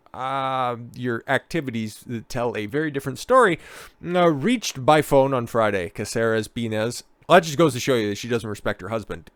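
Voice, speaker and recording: A man reading news stories aloud and breaking in with mocking, sarcastic remarks, with loud bursts when he reacts. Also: medium pitch, expressive, normal speed, clean tone, no room sound. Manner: mocking, sarcastic, talks over what he reads. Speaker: commentator.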